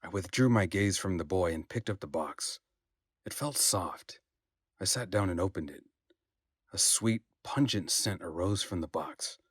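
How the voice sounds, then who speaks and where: Low husky male audiobook narrator. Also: measured pace, dry recording, studio quality. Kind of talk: scripted first-person audiobook narration.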